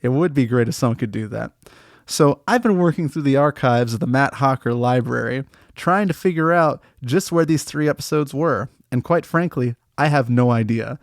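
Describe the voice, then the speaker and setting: A man's voice: moderate pace, no room sound. Dry-voiced man ranting in mock outrage. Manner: mock-serious rants with sudden pitch jumps and awkward laughs. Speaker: comedy podcast host. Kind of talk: absurdist comic monologue.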